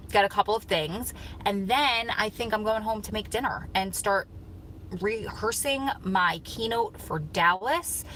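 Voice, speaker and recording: Sitting in a parked car in a store lot, a woman hosts a casual live stream and reads viewer comments off her phone, responding as she goes. Her mid-range voice sounds pushed and bright. The recording is low quality, with a little hiss or hum.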